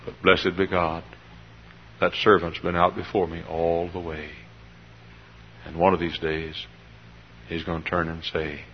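Older male pastor, very low voice, impassioned sermon, repeats phrases, muffled lo-fi tape. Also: in a large hall, slight background noise. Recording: dull lo-fi sermon recording.

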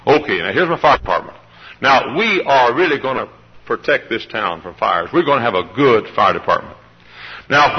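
A husky, breathy man preaches with a swooping, lively delivery. He calls on church members by name and gets the congregation to answer back. The old live recording sounds muffled and lo-fi. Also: medium pitch. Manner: animated preaching with congregation call-and-response. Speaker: pastor. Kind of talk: sermon. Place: church service.

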